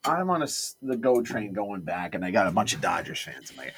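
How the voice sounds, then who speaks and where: A man's voice: on the low side, very animated, brisk, vocal fry, fairly bright tone, a little hiss or hum. A man in casual chat, chiming in with questions and asides. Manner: chatty, jumps in with asides and questions.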